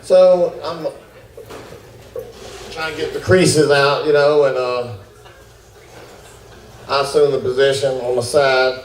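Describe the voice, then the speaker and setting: A man doing stand-up comedy, telling a fast, animated story and acting out his own panic. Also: mid-range voice. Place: comedy club with laughing audience. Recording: roomy, distant club recording with noise.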